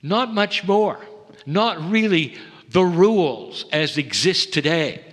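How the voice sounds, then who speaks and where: A man delivering a channeled spiritual message to a seminar audience, measured and intimate, often sinking to hushed tones. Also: high-pitched, expressive. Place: seminar hall. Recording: long hall reverb.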